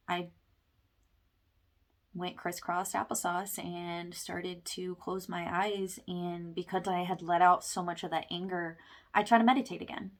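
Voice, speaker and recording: A woman's voice: fairly low pitch, fairly bright tone. A young woman talking earnestly about a spiritual awakening, rambling with fillers like "like" and "you know". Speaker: wellness vlogger. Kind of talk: personal testimony monologue.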